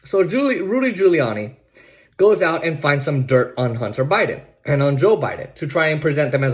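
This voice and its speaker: A man's voice: on the high side, big pitch swings, moderate pace. A man hosting a podcast of political commentary, sarcastic and emphatic, often repeating himself and restarting sentences. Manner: sarcastic and mocking, laughs at his own points. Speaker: podcast host.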